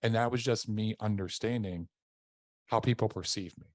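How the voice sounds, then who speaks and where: A deep-voiced man from Tennessee speaks as a podcast guest, keeping his tone lowered and soft. He often restarts his sentences. The recording is dry and close, with no room sound. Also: moderate pace, dry recording. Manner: softened, lowered voice, with frequent restarts. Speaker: podcast guest, army veteran. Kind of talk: casual interview chat.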